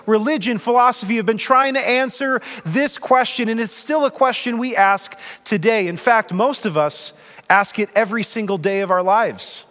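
A man's voice: high-pitched, fairly bright tone, long reverb tail. A man preaching a sermon as pastor, in a conversational way with light humor.

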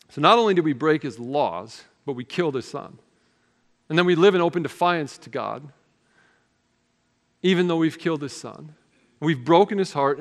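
A male pastor with a slightly high voice delivers a sermon in an earnest, conversational tone, slipping into casual fillers as he tells a personal story. His voice rings out with a long reverb, like a big church hall.

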